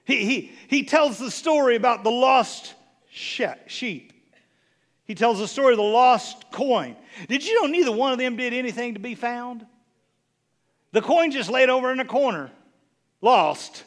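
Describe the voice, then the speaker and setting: High-voiced, animated preacher man. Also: measured pace. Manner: snarky, conversational, teasing. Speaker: bishop preaching. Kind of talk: sermon.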